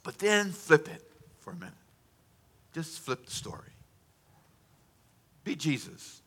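A male preacher giving a lively sermon, calling out questions to the congregation and acting out dialogue with sudden drops and rises in volume. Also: fairly high pitch, takes it slowly, pauses often, breathy edge. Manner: animated, call-and-response with congregation; acts out dialogue with varied volume.

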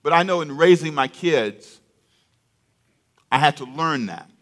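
A man's voice: on the high side, animated, measured pace, a bit bright. An older man preaching a sermon in a conversational way, repeating phrases and getting the congregation to answer him aloud.

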